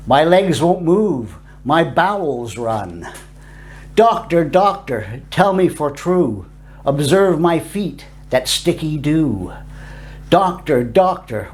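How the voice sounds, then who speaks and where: A man voicing a dying patient who pleads with a doctor in a slow, sing-song rhyming recital. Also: fairly high pitch, a little mellow.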